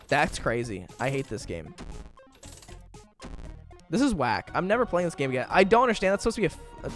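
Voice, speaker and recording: Young male gaming host; rambling casual commentary, very animated pitch. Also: brisk, pauses often, soft background music. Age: 20s. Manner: rambling storytelling with many fillers. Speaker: gaming YouTuber. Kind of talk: casual let's-play commentary.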